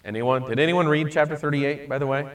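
A man's voice: a little high, brisk, distant mic. A man teaching a Bible study class in a casual, conversational way, often checking in with "right?" and asking his students questions.

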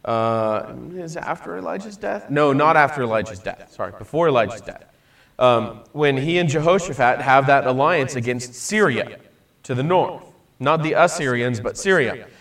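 A man's voice: mid-range voice, a bit bright, distant mic. A man teaching a Bible study class in a casual, conversational way, often checking in with "right?" and asking his students questions.

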